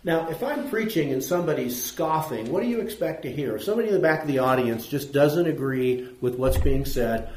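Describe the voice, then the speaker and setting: Questioning preacher in an echoey room. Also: male voice, a little high, darkish tone. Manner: asks the audience questions, repeats points for emphasis. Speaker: preacher teaching a Bible class. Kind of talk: conversational Bible lesson. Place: church room with audience.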